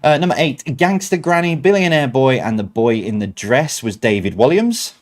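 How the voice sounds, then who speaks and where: A quiz host running a quiz night over a stream reads out each answer in a relaxed, chatty way, occasionally interrupting himself with self-mocking asides. He has a mid-range voice with lively intonation and a moderate pace.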